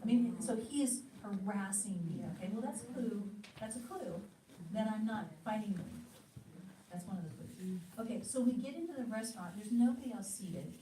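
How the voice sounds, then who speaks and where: American woman telling animated stories. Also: medium pitch, normal speed, slight background noise. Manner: animated, acts out quoted thoughts. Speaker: ministry teacher. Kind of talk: storytelling teaching talk. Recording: echoey room, mic at a distance.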